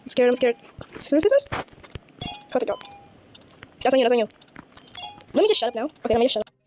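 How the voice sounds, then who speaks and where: A woman's voice: a little high, very animated, fast talker, a little mellow, slight background noise, poor audio. A woman playing a game and chatting to herself, jumpy and squealing when scared. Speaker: gamer playing a horror game. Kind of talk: casual gameplay commentary.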